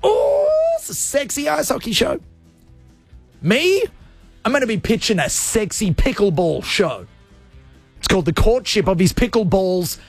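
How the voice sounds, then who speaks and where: A man hosting a radio show, delivering an energetic, exaggerated comedic rant. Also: high-pitched. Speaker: radio host.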